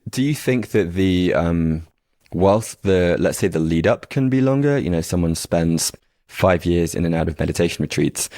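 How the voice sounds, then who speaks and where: Deep-voiced hesitant podcast host. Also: male voice, lively intonation, moderate pace, dark tone, no echo, clean studio sound. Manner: hesitant, searching, with fillers. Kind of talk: reflective interview questions.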